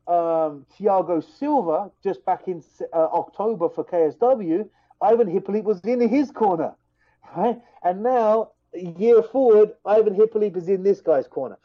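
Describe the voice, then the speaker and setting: A man tells a story with fired-up energy, stumbling over restarts as he talks. His voice sits a little high for a man. The sound is dull and lo-fi, as if from a modest mic. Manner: animated, fired-up retelling with many restarts. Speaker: fighter telling a story. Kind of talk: casual storytelling on a podcast.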